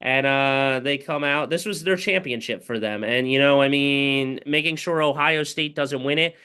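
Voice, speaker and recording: This fan commentator has a medium-pitched, sharp, clear and resonant voice at normal speed. He walks through a football game play by play in a loose, rambling recap full of fillers.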